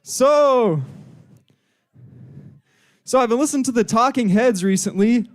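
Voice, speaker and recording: A young man with a fairly high voice does stand-up at a student club open mic. He rambles through crude bits, leaning on "you know" fillers and slipping into silly character voices. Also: a little slow. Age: young adult. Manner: puts on voices for joke characters. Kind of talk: stand-up comedy.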